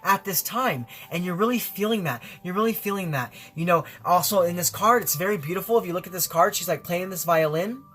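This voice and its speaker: A man's voice: sits high, a little fast, hardly any pauses, pushed and bright. A man giving a spiritual tarot reading in an effusive, rambling way, full of fillers and repeated phrases. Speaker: tarot reader.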